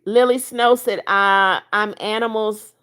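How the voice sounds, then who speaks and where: A woman's voice: medium pitch, fairly even intonation, unhurried, fairly bright tone, clean tone. A woman of seventy-one hosting a livestream, reading out viewers' chat comments and answering each by name in a chatty way. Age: 70s. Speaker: livestream host.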